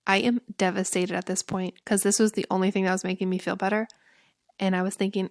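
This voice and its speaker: Woman, young adult, podcast co-host, candid storytelling, animated self-quotes, mid pitch, dry close sound. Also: fast, no room sound. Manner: lively, candid, quotes herself in animated bursts. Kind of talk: personal storytelling.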